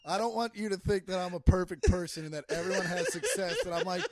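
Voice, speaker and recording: A man's voice: high-pitched, fast talker, no room sound. A man from the Kansas City area, a comedian guest on a podcast, swearing and laughing through casual chat. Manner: loud and laughing, swears often, acts out quotes.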